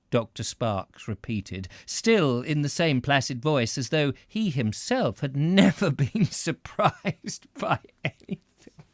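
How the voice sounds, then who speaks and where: Guy reading a novel aloud, slow, bouncy voice, dry close sound. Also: fairly high pitch, dry recording. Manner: expressive, lively narration with occasional slips. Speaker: audiobook reader. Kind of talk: scripted narration of a novel.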